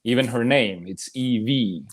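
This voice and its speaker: A mid-range male voice, a touch slow, belongs to an American co-host of a movie debate show. He keeps things lively and relaxed, swears without restraint, and laughs frequently.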